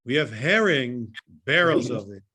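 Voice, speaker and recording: A man's voice: mid-range voice, big pitch swings, a little slow, pushed and bright, breathy edge. A man from the Netherlands with a Dutch accent doing a stand-up set over a video call, joking and laughing at his own lines. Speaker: stand-up comic.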